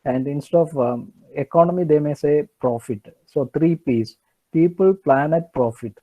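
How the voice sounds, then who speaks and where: Soft-toned man lecturing online. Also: a little high, normal speed, rough recording. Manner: hesitant, many fillers and restarts. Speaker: engineering lecturer.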